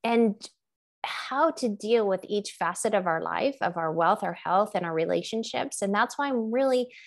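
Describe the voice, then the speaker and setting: Animated woman podcast host in her fifties. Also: medium pitch, normal speed, creaky. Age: 50s. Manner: animated storytelling, laughs often. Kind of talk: conversational interview.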